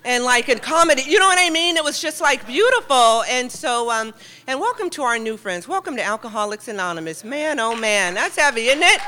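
A middle-aged woman giving a lively, joking and heartfelt talk to an audience in a meeting hall. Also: a little high, brisk. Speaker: guest speaker at a recovery meeting.

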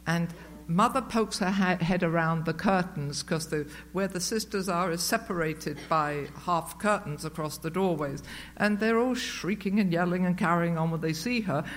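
Speaking at normal speed in a lowish voice, a woman tells her own story to a group in a meeting room. She's sharing at a recovery meeting, talking chattily and poking fun at herself, often filling pauses and starting over.

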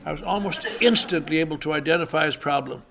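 A man's voice: fairly high pitch, quick pace, vocal fry, very noisy. An older man sharing his recovery story with dry, wry humor at a convention. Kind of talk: recovery meeting talk. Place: convention hall.

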